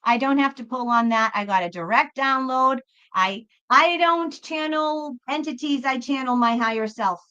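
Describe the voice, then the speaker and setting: A woman's voice: high-pitched, normal speed, bright, forceful tone, smooth, muffled recording. A woman hosting a tarot reading livestream, talking casually and reassuringly to her viewers, whom she calls folks. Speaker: tarot reader and livestream host.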